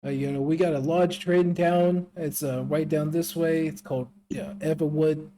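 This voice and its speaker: A man's voice: fairly high pitch, steady tone, normal speed, dark tone, natural voice, rough recording. A man playing a rude, aggressive, profane local guide character in a tabletop game. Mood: brash. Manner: profane, brash, mocking.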